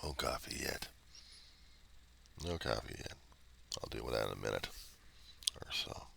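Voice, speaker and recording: A man's voice: a bass voice, animated, unhurried, creaky, bright, forceful tone, a little hiss or hum. A man talking in a personal video diary, brooding and repeating himself, often dropping to a mutter or a whisper. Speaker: vlogger.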